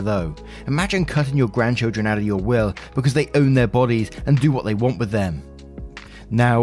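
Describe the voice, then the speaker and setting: A man's voice: mid-range voice, a little mellow. A man reading out online advice posts and comments, adding his own blunt, opinionated commentary. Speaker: narrator reading forum posts.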